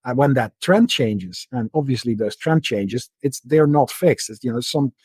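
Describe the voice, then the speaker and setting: Husky man telling a story with restarts. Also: medium pitch, normal speed, no room sound. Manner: repeats words and restarts often, relaxed storytelling. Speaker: podcast guest, market analyst. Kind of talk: conversational interview.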